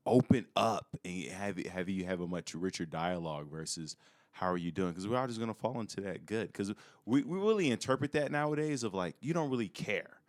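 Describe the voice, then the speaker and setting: A man's voice: low-pitched, no room sound, clean studio sound. A man who is a comedian and life coach, talking as a podcast guest in casual chat and acting out quoted lines with animation.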